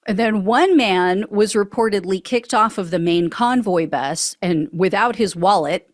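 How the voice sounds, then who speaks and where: A woman's voice: medium pitch, unhurried, hardly any pauses, no room sound, studio quality. A woman hosting a political news show, giving sarcastic commentary and laughing often between lines.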